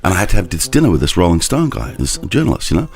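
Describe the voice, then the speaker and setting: A middle-aged man spins a long story as a talk show guest. His voice sits very low but moves around a lot, and he slips into the voices of the people in his story. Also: sing-song, racing. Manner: rambling storyteller, acts out other voices.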